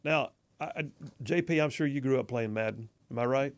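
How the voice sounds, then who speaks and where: Gravelly radio host. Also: male voice, medium pitch, fairly quick. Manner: chuckling, chatty, repeats words as he goes. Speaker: radio talk show host. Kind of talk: casual talk radio chat, reading listener texts. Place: radio studio.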